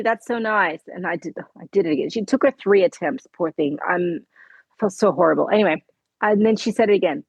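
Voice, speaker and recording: A woman's voice: on the low side, fairly quick, creaky, breathy edge, dry recording, low-quality recording. A middle-aged woman, a podcast guest telling her story earnestly in conversation and acting out the dialogue. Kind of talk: conversational interview.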